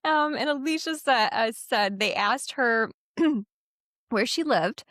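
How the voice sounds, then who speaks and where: Casual podcast co-host: woman, high lively voice, giggly storyteller, dry close sound. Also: takes it slowly, no echo. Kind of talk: casual chat.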